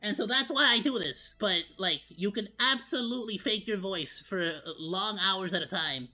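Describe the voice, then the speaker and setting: A male VTuber talking in a put-on, high, cartoonish monkey voice, rambling with lots of fillers and restarts. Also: normal speed, bright, forceful tone. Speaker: VTuber streamer. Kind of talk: casual reaction stream.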